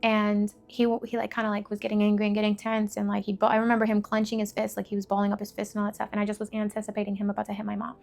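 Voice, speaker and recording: Young woman with a gravelly edge. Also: medium pitch, completely flat delivery, rapid-fire, hardly any pauses, a little mellow. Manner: candid, emotional storytelling with many fillers. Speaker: faith vlogger. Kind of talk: personal testimony.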